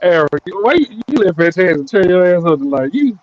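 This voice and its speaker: A man's voice: sits high, big pitch swings, fairly quick, dry recording, dull audio. A man hosting a casual chat show, teasing and provoking his guests playfully. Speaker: host.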